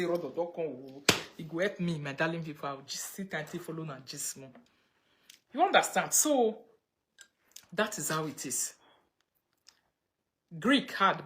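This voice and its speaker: A Nigerian woman chatting casually on a livestream, reading viewer comments and mixing pidgin with English. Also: low voice. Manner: chatty, mixes pidgin and English, breaks into laughter. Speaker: livestream host.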